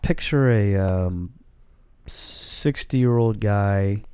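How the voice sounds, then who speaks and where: A man's voice: lowish voice, extremely slow, a little mellow, clear, resonant tone, no echo. A man hosting a casual chat, reading a story aloud in an amused, laid-back way and swearing casually.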